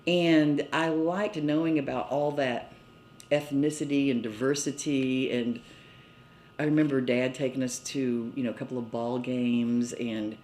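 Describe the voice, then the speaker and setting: Her voice is extremely low and darkish, steady and a little slow, as an older Mobile, Alabama, woman casually reminisces in an interview, chatty and frequently laughing between phrases. A little hiss or hum is present. The cottage interior lends a roomy echo.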